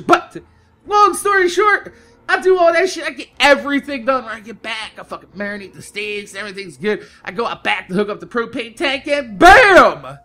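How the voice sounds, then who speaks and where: A man hosting a gaming video, telling a loud, profane story and laughing through it, then talking calmly through game gear. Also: high voice. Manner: slows down and over-enunciates when quoting himself. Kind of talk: casual storytelling rant over gameplay.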